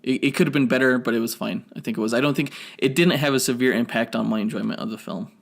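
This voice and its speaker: A man's voice: mid-range voice, fast talker, creaky. A man co-hosting a podcast, chatting casually through a film review, rambling and correcting himself as he goes. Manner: rambling, self-correcting, nerdy detail. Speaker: podcast co-host.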